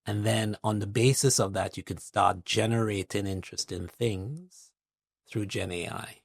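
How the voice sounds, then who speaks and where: A middle-aged man from Trinidad, a guest investor speaking in a measured, reflective interview manner, building his points with analogies and lists. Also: lowish voice, steady tone, vocal fry, dry recording, clean studio sound.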